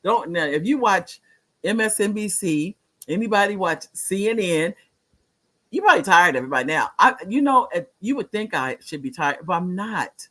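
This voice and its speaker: An older man in his late sixties talks earnestly on his live-streamed talk show. He repeats his points for emphasis and reads viewer comments aloud. His voice sits slightly high for a man. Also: animated, normal speed, pushed and bright. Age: 60s.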